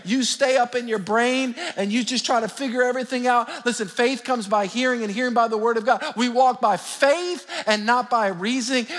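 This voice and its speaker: Fervent high-voiced pastor preaching. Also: male voice, fairly bright tone. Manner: fervent, calls out to the congregation. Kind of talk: sermon. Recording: long hall reverb with faint music.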